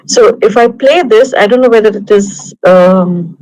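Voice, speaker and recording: A woman with an Indian English accent speaks at a middling pitch, teaching an online class. She talks in a conversational, anecdotal way, building her points from everyday examples. She is heard over a video call. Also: a little slow, darkish tone, low-quality recording. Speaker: guest lecturer. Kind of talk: online lecture.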